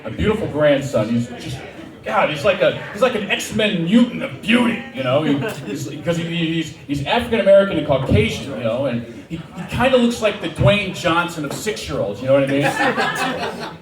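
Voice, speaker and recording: A middle-aged man doing a stand-up set in a small dive bar, talking in a rambling, self-deprecating way with halting restarts. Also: a little high, very animated, distant mic, music in the background. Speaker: stand-up comedian. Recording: roomy bar sound from off-mic with audience. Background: crowd laughter.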